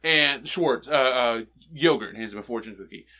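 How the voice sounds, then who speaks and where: A man's voice: mid-range voice, moderate pace, bright, forceful tone. Eager laughing male podcast co-host. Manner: eager, retells scenes with quoted lines and laughs. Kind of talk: casual movie chat.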